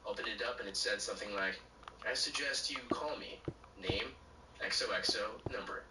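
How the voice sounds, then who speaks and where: A man's computer-generated voice reading short stories aloud in a flat, even way. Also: on the low side, normal speed. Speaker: story narrator. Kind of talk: text-to-speech reading of bartender stories. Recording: echoey, distant, noisy.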